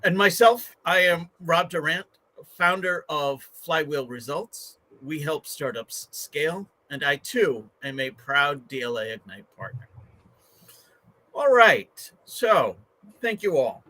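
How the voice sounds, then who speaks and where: Bright, lively male show host. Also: fairly high pitch, slow. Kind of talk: live show hosting.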